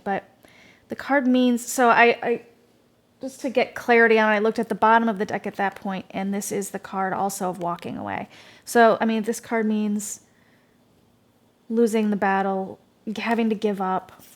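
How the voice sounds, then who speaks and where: A woman giving a tarot reading in a casual, rambling way, full of fillers, restarts and trailing thoughts. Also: medium pitch. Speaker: tarot reader.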